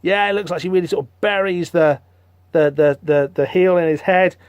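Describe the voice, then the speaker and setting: A man hosting a podcast, rambling through a comic book issue in casual, animated commentary with lots of fillers. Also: sits high, moderate pace, clear, resonant tone, no echo. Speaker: podcast host.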